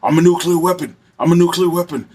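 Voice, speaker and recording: A man imitating a frantic male inmate who loudly hollers the same pleas and chants over and over. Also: fairly high pitch, fast, husky, pitched above the performer's own voice. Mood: frantic chanting. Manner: loud, repetitive hollering.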